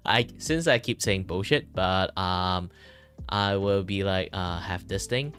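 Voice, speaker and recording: Malaysian guy streaming from his room, lowish voice, rambles and laughs a lot, soft music behind. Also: slow. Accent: Malaysian English. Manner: rambling, chuckles often, leans on filler "like". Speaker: vtuber streamer. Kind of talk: casual chat while drawing on stream. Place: his own room at home.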